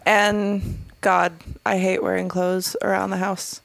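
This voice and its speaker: A woman with a mid-pitched, gravelly voice hosts a casual podcast chat, recorded close and dry. She laughs easily and often loses her thread, starting her sentences over. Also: flat delivery, slow, dry recording. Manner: giggly, trailing off and restarting. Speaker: podcast host.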